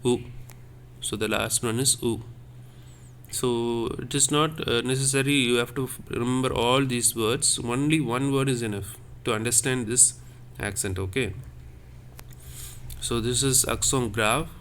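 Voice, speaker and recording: A man's voice: medium pitch, steady tone, unhurried, a bit bright, a little hiss or hum. A man teaching a lesson on French accents, explaining patiently and repeating each point step by step.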